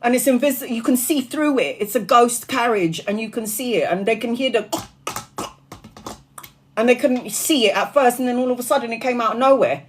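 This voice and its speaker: A woman's voice: a little high, normal speed, a little hiss or hum. Woman, tarot streamer, loose chatty storyteller, swears, laughs a lot, worn out from a long stream. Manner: chatty and animated, laughs often, swears freely. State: tired after hours live. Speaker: tarot reader streaming live. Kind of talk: casual live-stream chat.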